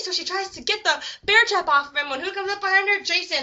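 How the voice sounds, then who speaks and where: Young woman, excitable, high bright voice, muffled lo-fi sound. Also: brisk. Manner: excitable, acts out sound effects and dialogue. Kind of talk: casual movie retelling. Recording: muffled lo-fi recording.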